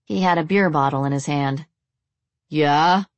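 A woman narrating an audiobook in a steady, even storytelling voice. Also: low-pitched, a little fast, dry recording, lo-fi sound.

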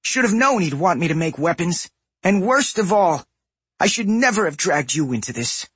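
Man doing a fretful goblin engineer, raised voice, apologetic, husky breathy tone, dry close sound. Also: sits high, big pitch swings, normal speed, fairly bright tone, dry recording, voice pushed up, full character voice. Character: anxious young male goblin engineer. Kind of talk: audiobook character voice.

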